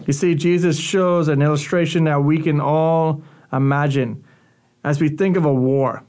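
Conversational youth pastor, man, slightly high. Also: fairly even intonation, normal speed, a little mellow. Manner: conversational, earnest teaching. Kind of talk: radio sermon talk.

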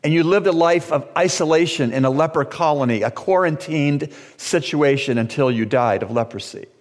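A Bahamian pastor preaching a sermon, slow and deliberate, with dramatic pauses and sudden raised cries. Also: male voice, a little high. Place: church sanctuary. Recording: long church reverb.

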